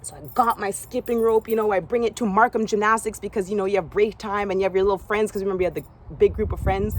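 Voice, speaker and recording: A young woman from Canada telling a personal story from her gymnastics past, acting out other people's lines in a higher voice. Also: steady tone, fast talker, a little hiss or hum.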